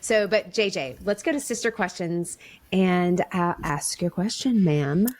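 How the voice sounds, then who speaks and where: A woman hosting a podcast who talks effusively and emotionally and is quick to laugh. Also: lowish voice, a little mellow. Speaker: podcast host. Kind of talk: podcast interview.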